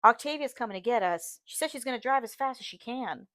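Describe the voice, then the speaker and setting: A woman's voice: fairly high pitch, lively intonation, fast, fairly bright tone, no room sound, clean studio sound, pitched above the performer's own voice. A woman voicing a frantic, fierce grown woman. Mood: pleading. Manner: panicked, pleading, then resolute. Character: distraught grown woman fleeing abuse, fierce. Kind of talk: audiobook reading.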